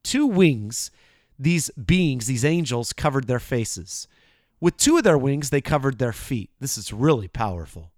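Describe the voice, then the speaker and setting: A man preaching a sermon, addressing the listener directly, moving between hushed asides and loud proclaimed lines. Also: medium pitch, very animated, measured pace, no room sound, studio quality.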